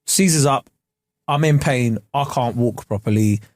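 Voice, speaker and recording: A young man, co-hosting a podcast and telling a story in animated, slangy casual chat. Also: mid-range voice, a little slow, no room sound, studio quality. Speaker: podcast co-host. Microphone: studio podcast mic.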